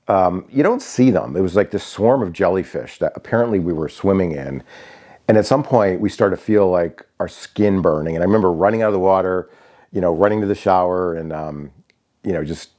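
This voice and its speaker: A man in his sixties from Connecticut, USA, is a vlogger telling stories casually, with many fillers and restarts. His voice is low and warm in tone.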